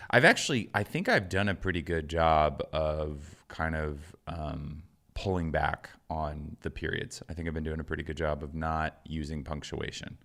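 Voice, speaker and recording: A man co-hosting a podcast in casual comedic chat, deadpan and teasing, reading listener emails aloud. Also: very deep voice, normal speed, few pauses. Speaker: podcast co-host.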